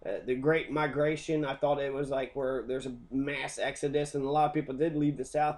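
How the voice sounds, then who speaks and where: A man's voice: mid-range voice, fairly even intonation, fairly quick, a little mellow. A man teaching a history lesson as an angry, profane rant, swearing constantly.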